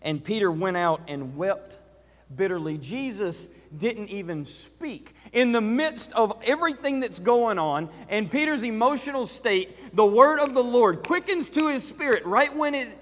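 High-voiced male preacher in a reverberant hall. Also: animated, measured pace, fairly bright tone. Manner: dramatic retelling, acting out scenes. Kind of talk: sermon.

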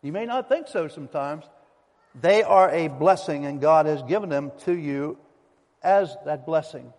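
A man's voice: a little high, animated, measured pace, darkish tone. A male pastor preaching a sermon to his congregation in an emphatic, folksy storytelling manner. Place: church sanctuary. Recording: long reverb of a church hall.

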